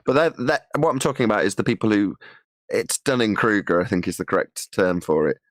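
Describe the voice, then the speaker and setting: A man's voice: lowish voice, lively intonation, a little fast, no echo. A man co-hosting a casual online voice-call show, mocking and chuckling as he argues his points. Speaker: co-host.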